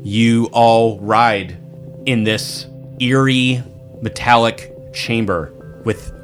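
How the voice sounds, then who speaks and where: A man's voice: mid-range voice, steady tone, extremely slow, soft background music. Man narrating as game master. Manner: loose, searching descriptions with many fillers.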